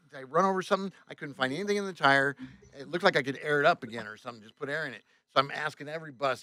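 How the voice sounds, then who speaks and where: A man telling a story as a tour bus driver on a podcast, animated, swearing often and acting out the other voices. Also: on the high side, dry recording. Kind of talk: casual storytelling.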